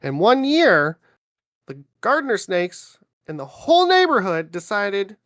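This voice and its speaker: A woman hosting a casual talk show, telling animated stories with frequent laughs and lots of fillers. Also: medium pitch, unhurried, dry recording, studio quality. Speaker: podcast host. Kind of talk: casual storytelling chat.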